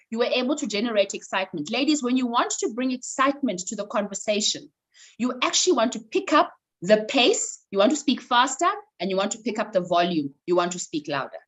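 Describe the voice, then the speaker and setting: A woman leading an online voice workshop over a video call, animated and coaxing. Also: a little high, poor audio. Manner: animated, instructive, coaxing participants. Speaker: voice coach running a workshop.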